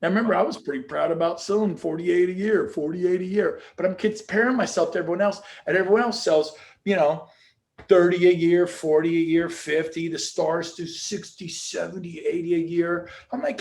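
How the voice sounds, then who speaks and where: A middle-aged man gives an energetic motivational talk, piling up restarts as he tells his stories. His voice sits a little high for a man and has a gravelly edge. He speaks as a guest on a show. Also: moderate pace. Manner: energetic storytelling with repeated restarts.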